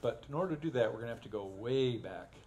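A man preaching a sermon, telling stories in a folksy way and getting animated when he acts them out. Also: medium pitch, quick pace. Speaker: pastor. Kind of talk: sermon with humorous storytelling. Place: church sanctuary.

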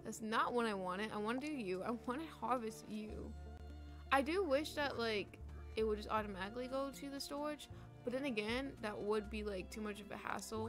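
A woman's voice: fairly high pitch, moderate pace, over music. A young woman streaming a cozy game, chatting casually and swearing, with sudden frustrated outbursts. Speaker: gaming streamer. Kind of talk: casual let's play commentary.

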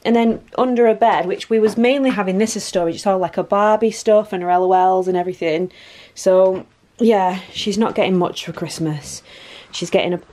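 A woman's voice: medium pitch, steady tone, fairly quick, dark tone. A woman, chatting casually and rambling while filming her home on a handheld phone. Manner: chatty, rambling, self-deprecating. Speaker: vlogger. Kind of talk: casual home vlog chat. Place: family home, indoors.

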